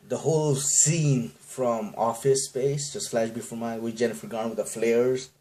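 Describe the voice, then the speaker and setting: A man's voice: medium pitch, mellow. A man from Bangladesh hosting a casual solo podcast, rambling through tangents, self-deprecating, often laughing at his own jokes. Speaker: podcast host.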